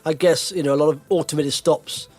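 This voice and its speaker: A man hosting a casual podcast chat, animated and acting out little scenes with put-on voices. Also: fairly high pitch, brisk, soft background music. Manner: animated, acts out voices in anecdotes. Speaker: podcast host.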